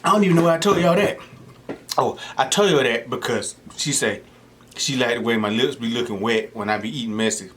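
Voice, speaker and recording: With slight background noise behind him, a young man hosting an eating show talks in a mid-range voice at a slightly fast clip. His casual chat is full of animated stories, and he mimics the people he quotes.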